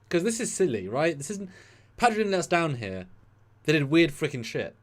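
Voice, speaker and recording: A man's voice: fairly high pitch, very animated, a little fast. A man co-hosting a casual live stream, rambling and restarting his sentences. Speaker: podcast co-host.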